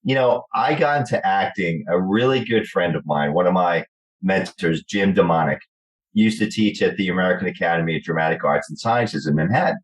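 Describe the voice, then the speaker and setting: A middle-aged man with a New Jersey accent, telling lively stories in an interview and acting out the people in them. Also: deep voice, fairly quick, rough recording. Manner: animated storyteller acting out quoted voices. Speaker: guest actor. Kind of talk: storytelling interview chat.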